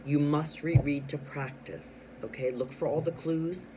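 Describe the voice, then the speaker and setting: Expressive male teacher reading aloud. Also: on the high side, noisy background. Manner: expressive read-aloud with stressed words and pauses, then plain explaining. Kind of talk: children's reading lesson, reading a storybook aloud.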